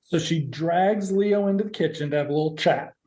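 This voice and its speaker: Low mellow-voiced woman chatting on a podcast, swears a lot, roomy echo. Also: a little fast. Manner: profane, jokey, acts out characters' lines. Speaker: podcast co-host. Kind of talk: casual chat recapping a TV episode.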